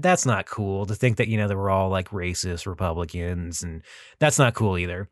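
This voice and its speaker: A man's voice: low-pitched, fairly even intonation, normal speed, no echo, studio quality. A young adult man from Texas with a Texan accent, talking casually in a rambling monologue full of fillers and restarts. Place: California.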